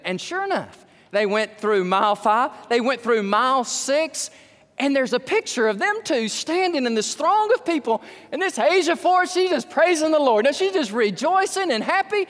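High-voiced preacher in a reverberant hall. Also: male voice. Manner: storytelling, rising to excited emphatic peaks. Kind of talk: sermon.

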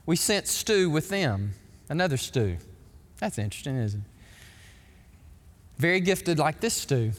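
A male pastor, preaching an emphatic, animated sermon in a church sanctuary. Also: a little high. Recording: long hall reverb.

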